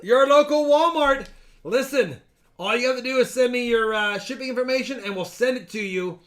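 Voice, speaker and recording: A man with a high, bright voice hosts a casual live stream. He jokes loudly with his viewers and counts down giveaways with playful energy. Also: brisk.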